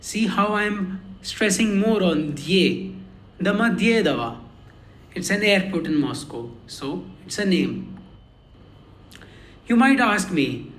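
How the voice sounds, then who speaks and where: A man teaching a beginner language lesson, speaking slowly and carefully and repeating words for pronunciation practice. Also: high-pitched, reverberant. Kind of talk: slow explanatory lesson.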